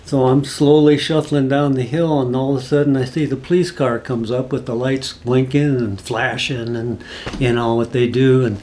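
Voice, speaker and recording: A man's voice: mid-range voice, fairly even intonation, moderate pace, a little mellow, slight background noise. A man casually telling a rambling, folksy personal story, full of asides. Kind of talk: casual spoken anecdote.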